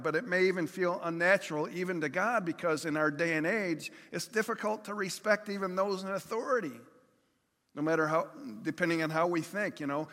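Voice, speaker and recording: A pastor with a fairly bright voice on the high side preaches a conversational sermon, using everyday examples and acting out pleas. The recording has a long hall reverb.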